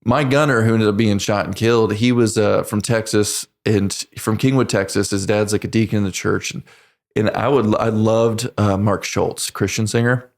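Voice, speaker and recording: A man in his forties, a veteran guest on a podcast, telling his story in earnest, halting speech with many restarts. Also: lowish voice, fairly even intonation. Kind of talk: casual storytelling interview.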